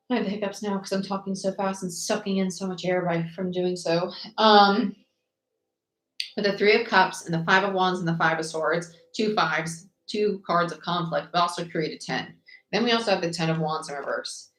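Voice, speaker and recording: A woman giving a live tarot reading in a chatty, quick way, listing the cards aloud as she goes. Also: fairly low pitch, fairly bright tone. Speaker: tarot reader. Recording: echoey room with faint noise.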